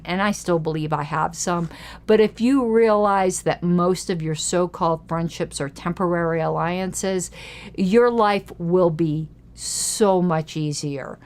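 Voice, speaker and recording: Broadcasting her own political commentary show from a home studio, a woman with a fairly low voice chats and rambles. She gets excited and reads aloud from old newsletters.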